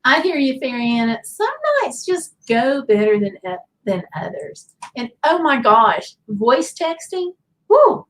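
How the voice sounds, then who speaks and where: A woman's voice: on the high side, animated, measured pace, hardly any pauses, a bit bright, slight background noise, low-quality recording. A woman with a Southern accent hosting a casual livestream, chatting loosely and reading viewer comments aloud. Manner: chatty, rambling, reads chat comments aloud. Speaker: livestream host.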